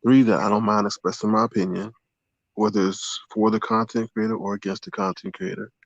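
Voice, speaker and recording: A man joining a casual live-stream chat as a guest, answering in a measured way and laying out his points one by one. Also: fairly low pitch, level tone, vocal fry, no echo. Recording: dull, dry lo-fi audio.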